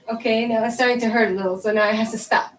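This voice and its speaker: This low-quality recording, with slight background noise, captures a woman with a fairly high-pitched voice. She runs a tarot channel and, at home with her dog, rambles casually while attempting yoga stretches, a bit out of breath. Chatty and quick to laugh, she fills her talk with "like."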